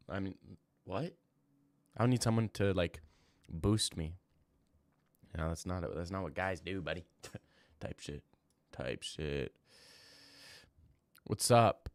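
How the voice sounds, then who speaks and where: Brash low-voiced young man streaming. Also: dry recording, clean studio sound. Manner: brash, trash-talking, slangy, rambling. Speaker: livestreamer reading chat. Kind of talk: casual live-stream chat.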